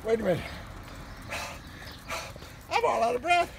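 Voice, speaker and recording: A man's voice: sits high, sing-song, unhurried, heavily acted. A man doing a giddy, crude talking dog. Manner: giddy, rambling, distractible sniffing talk. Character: excitable crude male dog sniffing on a walk. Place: outdoors. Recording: distant mic with loud outdoor noise.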